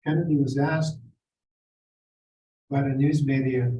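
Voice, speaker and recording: Older man, mellow and slightly high, recounting memories from a distance with room echo. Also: steady tone. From Seneca Nation. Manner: measured, reflective, quotes people in acted voices. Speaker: forum speaker. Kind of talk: personal storytelling. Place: school district forum room. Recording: roomy, distant mic with faint ambience.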